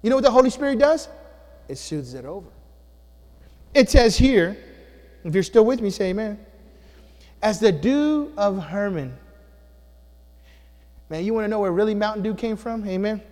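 A man preaching to his congregation in a church, his voice sitting high for a man. He swings between booming and hushed. The sound rings out with the long echo of the hall. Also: animated, a little fast, long pauses. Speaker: pastor. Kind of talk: sermon. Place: church sanctuary.

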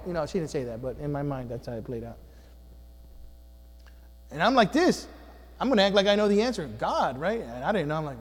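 In a church sanctuary, a pastor delivers a sermon to his congregation, his voice high for a man, swinging between booming and hushed. He's expressive, fairly quick, and pauses often, with the hall's long echo ringing around him.

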